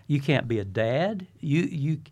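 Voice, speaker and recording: Older pastor, earnest and preacherly. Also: male voice, on the high side, lively intonation, a little slow, a little mellow. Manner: earnest, preacherly, often repeats words as he starts a thought. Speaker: retired pastor, guest. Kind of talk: reflective interview talk.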